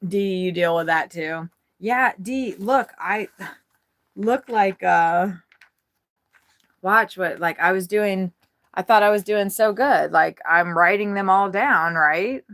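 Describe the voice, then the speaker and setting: A woman chatting casually on a livestream from inside her RV, frazzled and swearing often, talking in quick, scattered bursts. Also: medium pitch, fairly bright tone.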